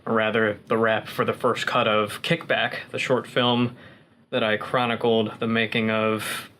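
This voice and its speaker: A man's voice: lowish voice, little pitch movement, unhurried, sharp tone, slight background noise, rough recording. A young man vlogging in a tipsy, rambling way, joking and swearing freely while he chats to his viewers. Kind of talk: casual rambling vlog.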